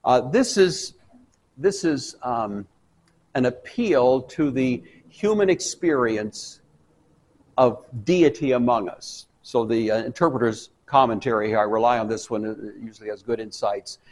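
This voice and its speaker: A man teaching a Bible study in a folksy, conversational way, breaking into loud animated bursts for emphasis. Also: medium pitch, unhurried.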